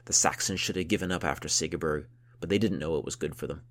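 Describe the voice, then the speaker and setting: A man voicing a boastful, hot-tempered warrior count who talks loudly and grandly. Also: rumbling low, fast talker. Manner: loud, blustering, grandly boastful.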